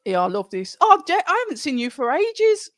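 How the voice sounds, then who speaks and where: A woman's voice: high-pitched, big pitch swings, normal speed, no room sound, clean studio sound. Chatty woman hosting a livestream. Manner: chatty, reads viewer comments aloud. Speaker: livestream host. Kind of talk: casual live commentary chat.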